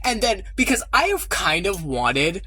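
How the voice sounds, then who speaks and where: A man rambling excitedly about his own story ideas, swearing often and getting loud when worked up. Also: high-pitched, measured pace, slightly rough. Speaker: creator rambling about his original characters. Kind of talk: excited casual monologue.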